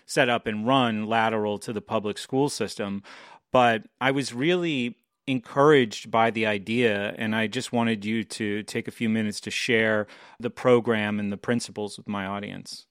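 A man's voice: lowish voice, steady tone, normal speed, a bit bright, clear, resonant tone, no echo. Male interviewer in a dry room. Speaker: podcast host and interviewer. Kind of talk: interview questions.

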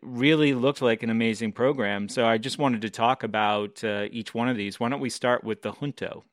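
A man hosting an interview, leading the talk and listing points in a measured way. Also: mid-range voice, fairly even intonation, no echo, studio quality. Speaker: podcast host and interviewer. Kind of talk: interview questions.

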